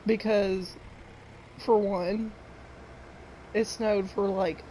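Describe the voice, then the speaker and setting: Slow, rambling woman streamer. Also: medium pitch, darkish tone, a little hiss or hum, rough recording. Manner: rambling, chatty, talks straight to viewers. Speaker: game streamer. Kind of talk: casual live-stream chat while playing.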